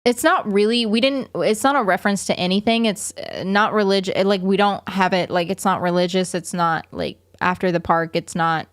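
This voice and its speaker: A woman's voice: mid-range voice, moderate pace, few pauses, dry recording, clean studio sound. A woman vlogging to her viewers in a casual, rambling way, full of fillers and restarts. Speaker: vlogger and parent.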